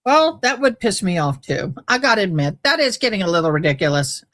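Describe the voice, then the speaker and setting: A woman's voice: medium pitch, very animated, fairly quick, few pauses, fairly bright tone. A woman hosting a live trial-watch stream, reading letters aloud and breaking off into wry, chatty asides to her viewers.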